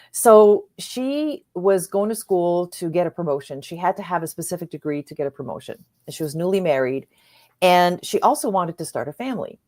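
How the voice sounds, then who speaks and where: Earnest lower-voiced woman coach. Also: fairly quick. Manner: earnest, animated retelling with quoted dialogue. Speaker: transformational coach, guest. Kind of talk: conversational storytelling.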